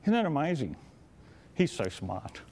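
A man's voice: a little high, huge pitch swings, measured pace, darkish tone. A man preaching a sermon with enthusiastic, admiring emphasis and chuckling asides.

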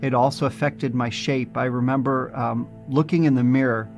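A man's voice: mid-range voice, fairly even intonation, normal speed, creaky, highs cut off, soft background music. Earnest man telling his testimony. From New Jersey, USA. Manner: earnest storytelling, reflective. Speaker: testimony speaker. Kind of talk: personal testimony.

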